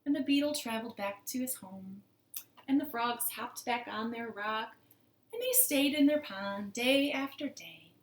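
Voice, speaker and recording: A woman's voice: a little high, measured pace, echoey room. A woman librarian reading a picture book aloud to children from her living room, playful and asking them questions. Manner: animated and playful, asks the kids questions.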